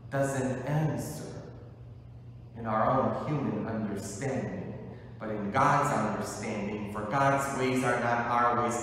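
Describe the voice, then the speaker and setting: A man, a Catholic priest, preaching a sermon with impassioned, repeated questions and deliberate pauses. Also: medium pitch, a bit bright, slight background noise. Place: large church. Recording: echoey church, voice from a distance.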